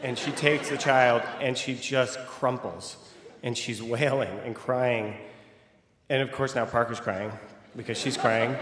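A young man telling a personal story live on stage, animated and vivid, building to excited outbursts. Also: mid-range voice, measured pace, background noise. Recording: echoey hall with long reverb.

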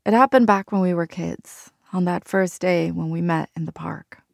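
A woman's voice: on the low side, moderate pace, gravelly, darkish tone, no echo, clean studio sound. A woman from Argentina narrating her personal story in a candid, reflective way. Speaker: journalist and narrator.

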